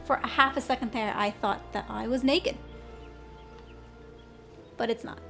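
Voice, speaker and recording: Woman streamer, casual gaming chat, high voice, talks to herself, faint music behind. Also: unhurried, gravelly, bright, forceful tone. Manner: chatty and self-talking, mutters instructions to herself.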